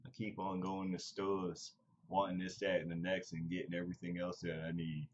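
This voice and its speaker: A man's voice: deep voice, little pitch movement, normal speed, muffled recording, slight background noise. A man chatting casually as a podcast host, loose, rambling and profane. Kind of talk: casual chat.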